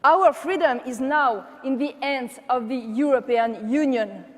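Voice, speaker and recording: A woman's voice: high-pitched, measured pace, a little hiss or hum. Impassioned French-accented woman orator. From France. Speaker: conference speaker. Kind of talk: political speech. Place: large conference hall. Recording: long hall reverb.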